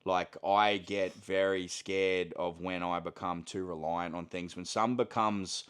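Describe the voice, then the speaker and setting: Deep-voiced Aussie comedian guest. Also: male voice, fairly even intonation, unhurried, a bit bright, clear, resonant tone. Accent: Australian. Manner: frequent agreeing interjections, sweary. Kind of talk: casual chat.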